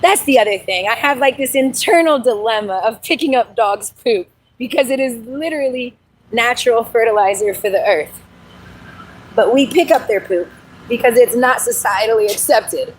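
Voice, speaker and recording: A woman, chatting casually on a live stream from a trail while out walking, lively and laughing often. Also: fairly high pitch, normal speed, husky, rough recording. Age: 40s. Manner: chatty, animated, laughs often, reads viewer comments aloud. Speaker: livestream host. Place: outdoor trail on a dog walk.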